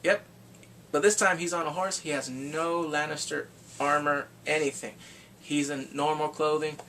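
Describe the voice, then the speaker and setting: A man giving an excited, casual recap of a TV episode, often breaking into loud whoops and shouts. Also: fairly high pitch, moderate pace. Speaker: TV show reviewer. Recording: distant mic, faint background hiss.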